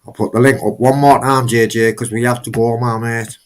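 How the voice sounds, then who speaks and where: A man's voice: medium pitch, flat delivery, brisk, slight background noise. A man hosting a live stream, talking casually in a rambling, emphatic way and often repeating himself.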